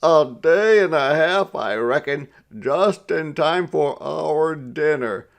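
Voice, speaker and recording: Man voicing a bold frontier rancher, raised and drawling, gravel in it. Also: fairly high pitch, expressive, slow pace, pitched above the performer's own voice, full character voice. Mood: hearty. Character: hearty frontier man, mid-aged, bold talker.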